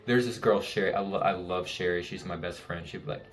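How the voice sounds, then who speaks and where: Low-voiced man giving earnest life advice. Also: a little fast, a little hiss or hum. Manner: earnest, repetitive, emphatic, swears casually. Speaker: self-help speaker. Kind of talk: casual motivational talk to camera.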